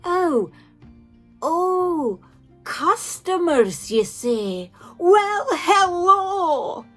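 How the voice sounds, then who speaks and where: A woman voicing a bearded female dwarf with a put-on Scottish accent, shrill and drawn-out. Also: big pitch swings, a bit bright, faint music behind, heavily acted. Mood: shrill cheery. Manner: shrill, drawn-out, sing-song.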